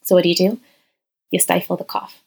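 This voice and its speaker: A woman hosting her own podcast from a guest bedroom, talking casually and warmly into a close mic, full of "like" fillers and slipping into soft whispers. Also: lowish voice, level tone, a little fast, vocal fry, slightly rough, rough recording. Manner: heartfelt, chatty, many "like" fillers, dips into whispers. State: teary-eyed. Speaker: podcast host and coach. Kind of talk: casual solo podcast talk. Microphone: close podcast mic, crouched over it.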